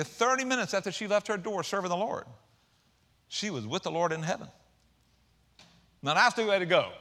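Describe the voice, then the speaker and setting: A male pastor preaches with a bright, ringing tone that climbs at his high points. His talk is lively and folksy, full of asides to the congregation. He leans a little high for a man. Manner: animated preaching with folksy asides and rising emphasis. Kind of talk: sermon.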